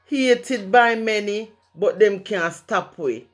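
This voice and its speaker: Slow and medium-pitched, this Jamaican-accented poet delivers a rhyming piece with rhythm and patois phrasing. Soft music plays in the background.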